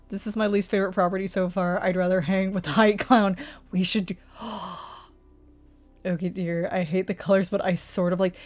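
A woman streamer giving live commentary on house listings, mock-outraged and exasperated. She swears, laughs often and fires off rhetorical questions. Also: mid-range voice. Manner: reacting aloud, asking rhetorical questions.

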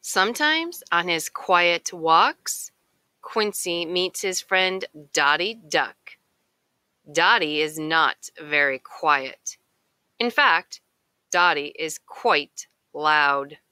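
A woman reading a children's picture book aloud in a slow, expressive storytelling way. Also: lowish voice, clean tone, no echo. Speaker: narrator.

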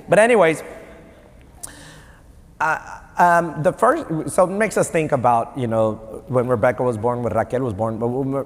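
A man in his thirties preaching a conversational sermon as a pastor, animated and joking between stories. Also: medium pitch. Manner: conversational, animated, quick asides and jokes. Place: church sanctuary. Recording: long hall reverb.

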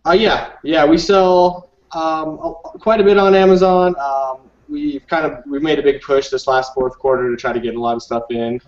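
A man answers interview questions as a guest on a live stream, pausing often with ums and uhs. His voice comes over an online call from some distance off the mic, with a roomy echo and dull, muffled sound. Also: on the high side, fairly even intonation. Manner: hesitant, many ums and uhs.

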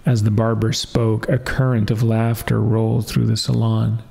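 A man calmly reading a fairy tale as a soft-spoken bedtime story. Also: fairly low pitch, normal speed, vocal fry, few pauses.

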